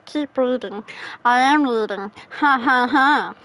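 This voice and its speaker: A woman gamer reads game text aloud and banters in a casual let's play. Her voice is high and her pace slow. She is giggly and playful throughout. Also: a bit bright, low-quality recording.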